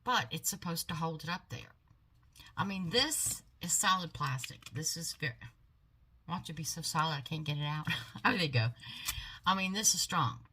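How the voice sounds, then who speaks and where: An older woman shows off her buys in a chatty, folksy manner, her voice low-pitched yet bright and forceful. She talks from a home office into a phone. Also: expressive, normal speed, slight background noise. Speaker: haul vlogger. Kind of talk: casual product haul chat.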